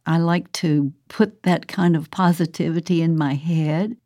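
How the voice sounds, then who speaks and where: A woman's voice: low-pitched, fairly even intonation, unhurried, warm tone, no echo, studio quality. An older woman from the American South, an author speaking casually about her work, chatty and often laughing. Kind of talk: casual recorded monologue.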